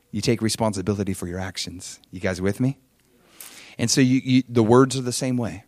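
A man's voice: lowish voice, steady tone, moderate pace, pauses often, a little mellow, dry recording. A man preaching a sermon as pastor, emphatic and conversational, often checking in with his listeners. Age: adult father with children.

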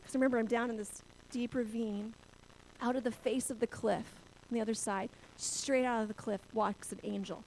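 A woman's voice: fairly high pitch, fairly even intonation, moderate pace, darkish tone, a little hiss or hum, poor audio. Woman telling an emotional faith story. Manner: emotional storytelling, laughs through hard moments. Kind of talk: personal testimony.

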